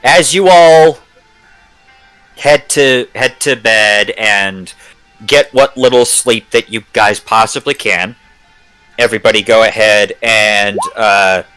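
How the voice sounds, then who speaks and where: A man narrating a tabletop game as game master, speaking in a halting way with many fillers. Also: fairly low pitch, sharp tone, smooth, faint music behind, low-quality recording.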